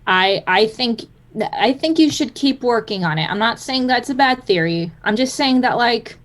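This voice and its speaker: A woman's voice: fairly high pitch, lively intonation, moderate pace, a bit bright. A woman playing her character in a tabletop game, often stumbling and restarting her sentences. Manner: hesitant, stammering restarts.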